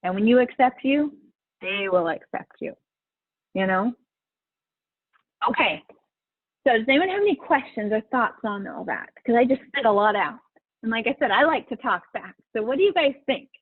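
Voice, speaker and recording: A woman's voice: a little high, expressive, moderate pace, pauses often, dry recording. Woman, middle-aged, life coach, casual live-stream talk, encouraging, dry close sound. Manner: chatty, encouraging, laughs often. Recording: husky voice over a tinny phone-like line.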